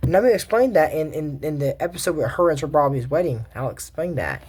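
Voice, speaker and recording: A woman's voice: low-pitched, animated, quick pace, a little mellow, a little hiss or hum. A woman casually recapping and commenting on a cartoon episode, rambling and correcting herself as she thinks aloud. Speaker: show commentator.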